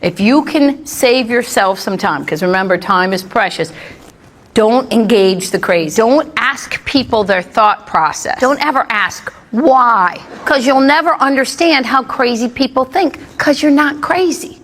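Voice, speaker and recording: A woman's voice: fairly high pitch, expressive, unhurried. A middle-aged woman doing a stand-up routine on a club stage, telling punchy, brash stories and working the crowd. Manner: brash, punchy storytelling with jokes landing to laughter. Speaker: stand-up comedian. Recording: live club recording with loud crowd laughter. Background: loud audience laughter.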